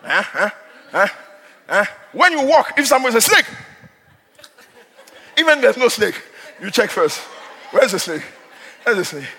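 A male preacher giving an impassioned sermon, dropping to hushed asides and rising to shouts. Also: sits high, very animated, normal speed, long pauses, husky, big-room sound. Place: church hall.

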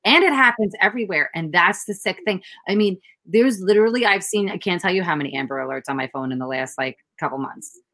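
A woman with a somewhat low voice tells stories in a casual conversation and acts out each exchange. Her sound is very dry and close. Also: fast talker, few pauses, no echo, low-quality recording. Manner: animated storytelling, acts out quotes. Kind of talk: casual chat.

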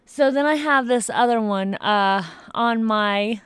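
Woman, 30s, co-host, casual chat, relaxed, laughs easily, dry close sound. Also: fairly high pitch, slow pace, clean tone, no echo.

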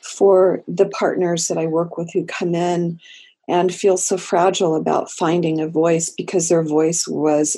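A woman therapist speaking in a podcast interview, slow and deliberate with gentle emphasis. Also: deep voice, breathy edge. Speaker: therapist and guest.

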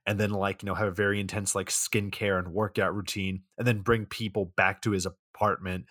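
A man's voice: low voice, level tone, fairly quick, fairly bright tone, no room sound, studio quality. A man co-hosting a podcast, casually recapping a bad movie in a rambling, profane way full of "like". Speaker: podcast co-host.

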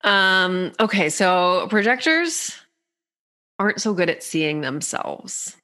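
A woman guesting on a podcast, explaining human design with lively, playful examples. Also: medium pitch, takes it slowly. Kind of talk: podcast conversation.

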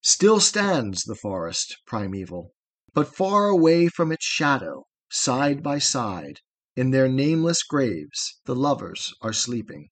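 A man reading a long narrative poem aloud in a solemn, measured way with dramatic pauses. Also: mid-range voice, sing-song. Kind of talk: slow measured poetry reading.

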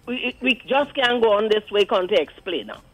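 A woman with a Trinidadian accent calling in to a radio show, animated and indignant, acting out the voices she quotes. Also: mid-range voice, normal speed, dry recording, faint music behind, poor audio. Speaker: caller. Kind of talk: call-in radio commentary. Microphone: phone line.

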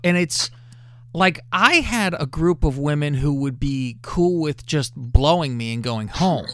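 A man with a voice on the high side hosts a podcast, telling crude stories packed with constant swearing. He's animated throughout, and there's no echo.

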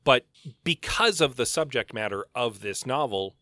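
A man co-hosting a casual book podcast, thinking out loud with the odd "uh" and "like". His voice is bright and forward, recorded close and dry with no room sound. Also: medium pitch, expressive, moderate pace, no room sound. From Canada. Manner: musing, thinks aloud with fillers. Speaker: podcast co-host. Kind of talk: casual book club chat.

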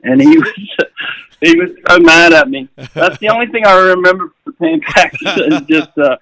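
A man's voice: high-pitched, very animated, a little fast, vocal fry, a bit bright, no echo, low-quality recording. A middle-aged Australian man, a swimming coach, telling stories casually with many fillers and chuckles. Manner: rambling, with frequent fillers and chuckles. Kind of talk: casual storytelling.

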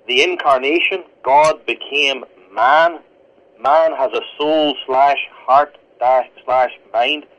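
A pastor from Northern Ireland talks quickly and earnestly, laying out his teaching point by point. His voice sits at a middle pitch. The sound is dull and lo-fi, like a broadcast over a phone line. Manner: fast, earnest teaching delivery. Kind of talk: radio interview guest. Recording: lo-fi radio broadcast.

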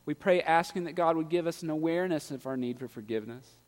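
A man preaching a sermon, building to loud, impassioned peaks. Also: on the high side, quick pace, big-room sound. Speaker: pastor.

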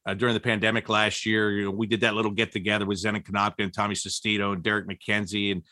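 A man telling old team stories in an interview, laughing often and jumping high in pitch when he quotes people. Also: quick pace, dry recording, clean studio sound. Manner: animated, laughing storyteller with big pitch jumps when quoting. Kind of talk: storytelling interview.

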